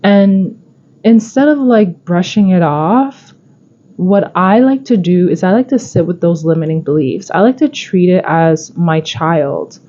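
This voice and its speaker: A woman's voice: fairly low pitch, expressive, unhurried, dark tone, dull audio, slight background noise. A woman hosting a self-help podcast, talking in an earnest, coaching way and often repeating herself. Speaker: podcast host.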